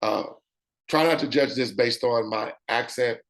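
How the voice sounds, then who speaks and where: Raspy-voiced man giving a sales pitch. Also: measured pace. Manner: animated, repeats "okay?" often. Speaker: presenter.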